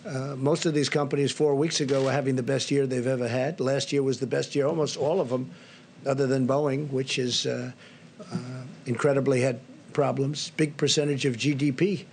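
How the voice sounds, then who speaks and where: Older man, press briefing remarks, repetitive, superlatives, mid-pitched voice. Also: little pitch movement, normal speed, darkish tone, slight background noise. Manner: rambling, repetitive, superlative-heavy. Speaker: briefing speaker at press podium.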